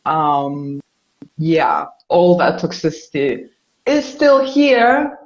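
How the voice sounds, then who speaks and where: A woman in a casual, reflective conversation, talking in a halting, searching way with many fillers and restarts. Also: low-pitched, big pitch swings, echoey room, lo-fi sound. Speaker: guest or co-host in a spiritual conversation.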